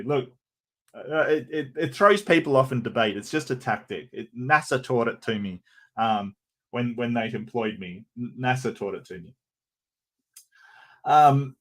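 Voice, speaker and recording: An Australian man talks casually to his stream audience at a middle pitch. He jokes with the chat and keeps stumbling into restarts and repeated words. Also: expressive, moderate pace, a bit bright. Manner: chatty, stammering restarts, joking with chat. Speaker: streamer host.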